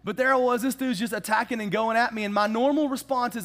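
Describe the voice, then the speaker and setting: A man preaching a sermon in a casual, animated storytelling way, with humorous asides. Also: very high-pitched, quick pace, few pauses. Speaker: pastor.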